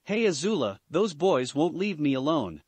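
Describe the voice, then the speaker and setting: A woman's voice: deep voice, sing-song, normal speed, a little mellow, breathy edge, no room sound, full character voice. A man voicing a cheerful, bubbly teenage girl acrobat in a fan-fiction story reading.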